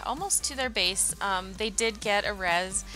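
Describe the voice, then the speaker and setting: Woman gamer, casual chatty commentary, bright forceful tone, faint music under the voice. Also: medium pitch, a little slow. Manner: chatty and upbeat, with frequent ums and uhs. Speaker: gamer narrating her match footage. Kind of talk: casual gameplay commentary voice-over.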